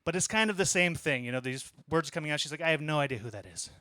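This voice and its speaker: A man in his thirties performs a stand-up set in a small comedy club, telling a long story in a bright, fairly high voice. He keeps it conversational, with deadpan asides, and the sound is dry and close on a handheld mic. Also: fast, dry recording.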